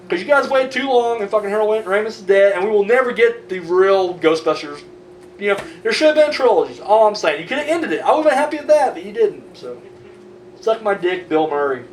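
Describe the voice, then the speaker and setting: A man's voice: sits high, very animated, a little fast. A man hosting a horror news vlog, ranting and swearing in casual, rambling commentary. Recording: roomy, distant mic, faint noise.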